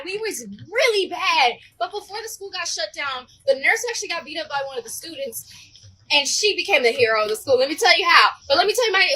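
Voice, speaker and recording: A woman telling an animated, slangy school story straight to her viewers. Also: very high-pitched, slight background noise, low-quality recording. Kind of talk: casual storytime.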